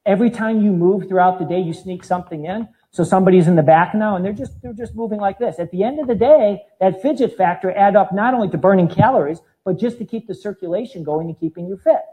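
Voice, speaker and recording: Man, 50s, fitness trainer, live talk, animated, high voice, mellow tone. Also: fast, few pauses, poor audio. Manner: animated, demonstrating with his body as he talks.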